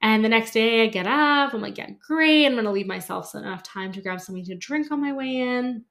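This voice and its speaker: A woman's voice: on the high side, a little fast, vocal fry, fairly bright tone. A woman hosting a podcast who tells a story in a chatty, casual way, laughs often, swears now and then and fills her talk with "like". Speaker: podcast host and lash artist.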